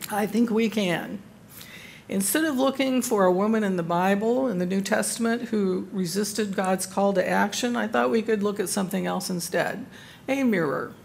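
An older woman leads a Bible study group, mixing scripture with self-deprecating humor. Her voice has a gravelly edge. A faint background hiss runs under the recording. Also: mid-range voice. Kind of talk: devotional talk to a group.

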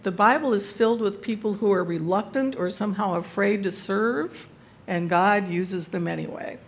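A woman's voice: mid-range voice, moderate pace. An older woman teaching a Bible study group, giving a devotional talk with self-deprecating humor.

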